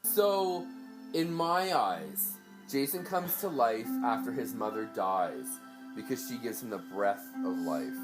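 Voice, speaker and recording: Excitable male co-host over movie music. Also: mid-range voice, takes it slowly, poor audio. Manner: excitable, chatty. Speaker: podcast co-host. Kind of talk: casual commentary while watching a film. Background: film soundtrack music.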